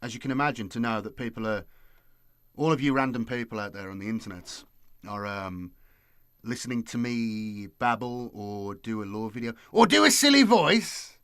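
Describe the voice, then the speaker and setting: Casual male host, lowish voice, rambles freely, dry close recording. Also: steady tone, normal speed, smooth, dry recording. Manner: rambling, lots of fillers. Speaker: YouTube host. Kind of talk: casual late-night chat.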